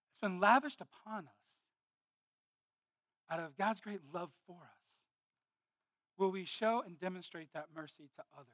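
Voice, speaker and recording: A man preaching a sermon, moving between earnest teaching and animated, exclamatory storytelling with sudden loud bursts. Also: high voice, no room sound, clean studio sound. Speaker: pastor.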